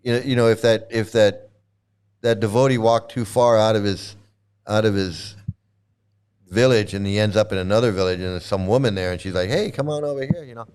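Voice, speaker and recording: A man's voice: lowish voice, steady tone, brisk, a little mellow, clean tone. A middle-aged man hosting a livestream, ranting in a mocking, profane way, laughing often and repeating himself. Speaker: livestream host.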